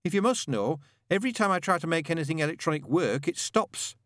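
A man's voice: a little high, animated, fast, a bit bright, no room sound, clean studio sound, voice pushed up. A man reading an audiobook voices Newt, a nervous, hapless young man who rambles wretchedly. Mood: flustered. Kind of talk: audiobook narration.

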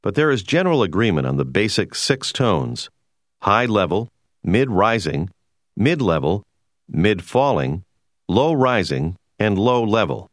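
Deep-voiced man narrating a language lesson. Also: big pitch swings, no room sound, clean studio sound. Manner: measured, explanatory. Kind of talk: scripted educational narration.

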